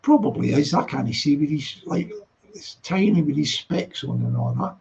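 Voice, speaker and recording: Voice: mid-range voice, animated, moderate pace, vocal fry, a little mellow, highs cut off. A live stream host, rambling and chatty while reading viewer comments late at night, laughing often.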